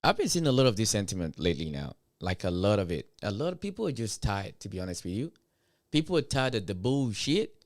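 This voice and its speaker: A man's voice: lowish voice, very animated, fast. A man streaming live, hosting a blunt, profane commentary rant with emphatic delivery.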